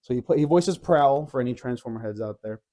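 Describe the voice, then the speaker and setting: A man co-hosting a casual podcast, telling a lively story with many fillers and frequent laughs. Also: medium pitch, quick pace. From Arizona. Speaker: podcast co-host. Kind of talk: casual chat.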